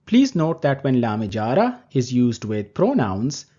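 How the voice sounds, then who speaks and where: A man teaching Arabic grammar in a recorded lecture, explaining terms slowly and deliberately. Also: mid-range voice, sing-song, mellow. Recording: dull lo-fi recording.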